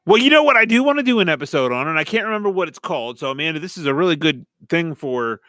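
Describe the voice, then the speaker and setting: Lively, bright-voiced man telling stories. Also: fairly high pitch, quick pace, dry recording, studio quality. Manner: animated storyteller who swears freely and acts out quotes. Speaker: podcast co-host. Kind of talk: casual chat.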